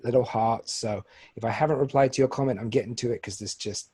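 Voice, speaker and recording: A man's voice: mid-range voice, fast, a little mellow, breathy edge. Joking English man in his forties. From England. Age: 40s. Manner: jokey, self-deprecating. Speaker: podcast co-host. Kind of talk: casual chat.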